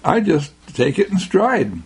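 A man's voice: high-pitched, sing-song, measured pace, darkish tone, husky, pitched above the performer's own voice, full character voice. A man quoting a patient, good-natured male meter reader who talks in an easygoing, chuckling way.

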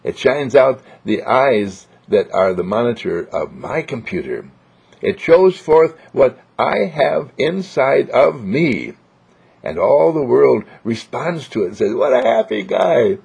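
A man's voice: medium pitch, sing-song, slow pace, creaky, a little mellow, slightly rough. A man giving a spiritual motivational monologue in a sing-song, joyful way, repeating simple affirmations, on a dull lo-fi recording. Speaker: inspirational speaker.

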